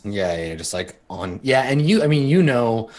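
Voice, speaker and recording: A man's voice: mid-range voice, very animated, normal speed, darkish tone. Man narrating a tabletop game. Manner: loose, filler-heavy narration. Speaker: game master.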